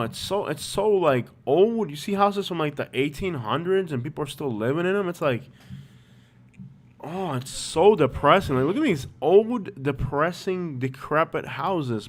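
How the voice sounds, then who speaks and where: Rambling youtuber guy on a live stream, kinda high voice, lots of likes and ums. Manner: rambling, chatty, filler-heavy. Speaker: YouTube host. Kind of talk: casual live-stream chat.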